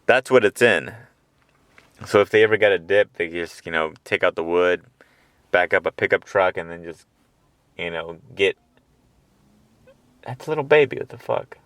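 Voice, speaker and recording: Low-voiced rambling comedian. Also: male voice, expressive, moderate pace, long pauses, fairly bright tone, dry recording. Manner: meandering, profane, chuckling asides. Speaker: podcast host. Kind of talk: rambling comic monologue. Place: parked car in a lot at night. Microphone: handheld portable recorder.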